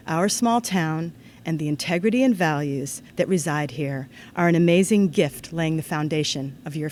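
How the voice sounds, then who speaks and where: A woman giving a formal ceremony address to students, in an earnest, measured way that turns lively when she tells a story. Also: low-pitched, a little hiss or hum. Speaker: ceremony speaker. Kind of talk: formal commencement-style address.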